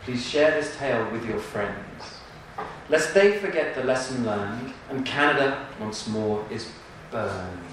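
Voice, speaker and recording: Man, playful storyteller, animated pitch, live reading, echoey room, distant mic, background noise. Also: a little slow. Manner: playful, joking, laughs often. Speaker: reader at a live storytelling event. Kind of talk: reading a rhyming picture book aloud with banter.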